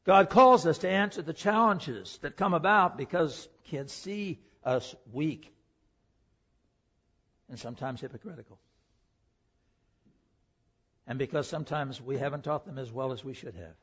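Man, preacher, sermon, emphatic, loud then hushed, muffled lo-fi sound. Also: fairly high pitch, normal speed, slightly rough. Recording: dull lo-fi recording.

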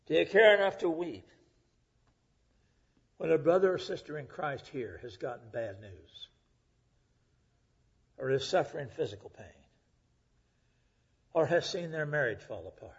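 A middle-aged male preacher delivering a sermon, rising to loud emphasis and dropping to hushed, whispered lines. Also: fairly high pitch, animated, measured pace, pauses often, slightly rough. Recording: dull lo-fi recording.

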